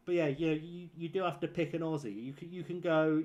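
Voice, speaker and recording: A man's voice: fairly high pitch, normal speed, a little mellow. Jokey man streaming a game. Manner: rambling, jokey, swears freely. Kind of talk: casual live-stream chat.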